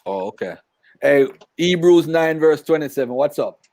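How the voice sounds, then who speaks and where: A man hosting a call-in talk show, playful and lively with callers, then measured when answering. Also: fairly high pitch. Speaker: host. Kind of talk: live-stream call-in talk.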